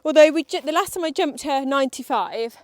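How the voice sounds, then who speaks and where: A woman's voice: sits high, expressive, brisk, dry recording. A young woman vlogging while riding her horse, chatty and nervous, talking to the horse and her viewers. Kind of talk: casual chat while riding. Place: outdoor riding arena.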